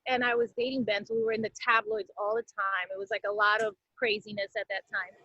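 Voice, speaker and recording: A woman's voice: mid-range voice, fast, no echo, lo-fi sound. A woman guest chatting casually on a talk show from home, telling stories with lots of laughter. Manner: animated storyteller, laughs often. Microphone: video call from home.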